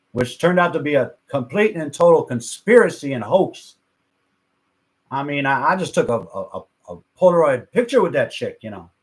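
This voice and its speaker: A man co-hosting a casual livestream, telling stories with lots of fillers. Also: medium pitch. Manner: chatty storyteller with many fillers. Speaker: livestream co-host. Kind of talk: casual chat.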